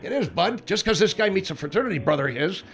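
A male talk radio host scolds his guests with sarcasm in a fairly high voice that rises and falls a lot. Faint music runs under the talk. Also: sing-song, quick pace.

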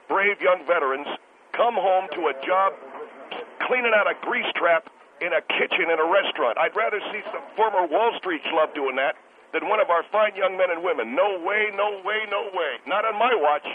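A man voicing a bitter restaurant-owner caller in a comedic radio call-in bit, who talks in indignant, stammering rushes and repeats himself. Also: sits high, a crowd in the background, lightly acted. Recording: noisy tinny phone line.

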